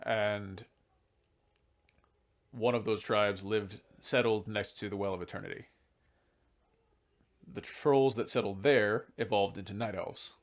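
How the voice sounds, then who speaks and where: A man with a fairly low voice hosts a casual podcast while a little drunk. He rambles loosely through game lore and drops a casual swear now and then. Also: steady tone, a little slow, pauses often. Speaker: podcast host.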